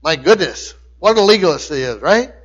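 A man's voice: a little high, animated, a little fast, dull audio. A man preaching a sermon, repeating key phrases for emphasis and often restarting his sentences. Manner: emphatic repetition, frequent restarts and stumbles.

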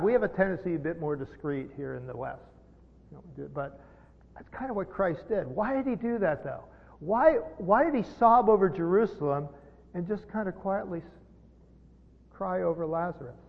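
A middle-aged man preaching a sermon as pastor, earnest and halting, with repeated words, rising to emphatic peaks. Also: a little high, creaky. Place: church sanctuary. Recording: dull sound with long hall reverb.

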